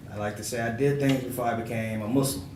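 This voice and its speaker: Telling stories on a panel, a male comedian in his forties uses a mid-range voice and animatedly acts out quoted people's voices while laughing. He's recorded from a distance in an echoey hall, with noise in the background.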